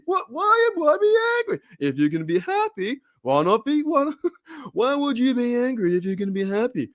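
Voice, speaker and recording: A man's voice: very high-pitched, voice pushed up. A man with an Australian accent doing an impression of a whiny male stand-up comic, firing off indignant rhetorical questions.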